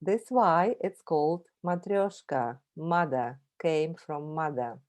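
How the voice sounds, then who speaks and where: A woman from Russia with a Russian accent, giving a friendly travel presentation that includes a short language lesson, repeating words slowly for the audience to copy. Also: sits low, darkish tone.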